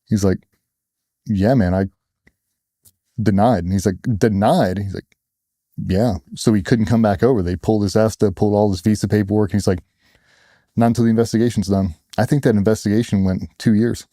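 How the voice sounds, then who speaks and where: A man's voice: fairly low pitch, steady tone, a little fast, warm tone, no room sound, clean studio sound. A man candidly telling a personal story in an interview, blunt and plainspoken, acting out other people's lines as he goes. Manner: blunt, plainspoken, retells dialogue in quotes.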